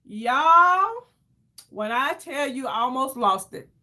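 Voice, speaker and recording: A woman telling an emotional story to her viewers in a casual, animated way, calling them y'all and acting out what others said. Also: high voice, moderate pace, background noise. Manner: animated, addresses viewers as y'all, acts out quoted voices. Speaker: vlogger.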